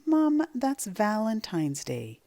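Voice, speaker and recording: A woman's voice: mid-range voice, wildly swooping pitch, slow, mellow, voice pushed up, heavily acted. A woman reading aloud and voicing an anxious, exasperated third-grade boy. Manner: worried, insistent, exasperated.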